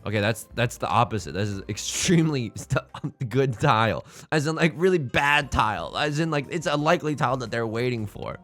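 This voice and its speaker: A man's voice: medium pitch, expressive, moderate pace, few pauses, fairly bright tone, soft background music. A man giving casual, self-deprecating commentary while playing a tile game, often restarting his sentences and playing up his despair. He says he is tired from little sleep. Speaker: let's play host.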